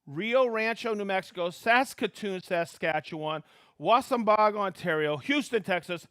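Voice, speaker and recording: Bright, high-voiced upbeat male host. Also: animated, smooth. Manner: upbeat, reads out viewer names and hometowns with quick greetings and laughs. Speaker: live stream host. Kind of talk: live stream shout-outs to viewers.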